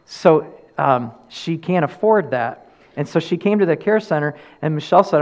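A man's voice: fairly high pitch, expressive, fairly quick. A man preaching a sermon as pastor, earnest, repeating key phrases and rising and falling for emphasis.

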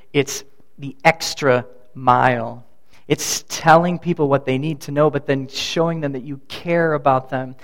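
A middle-aged man preaching a sermon as pastor, in a conversational way, turning aside to speak to people in the congregation. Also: a little high. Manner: conversational preaching, addresses congregation members by name.

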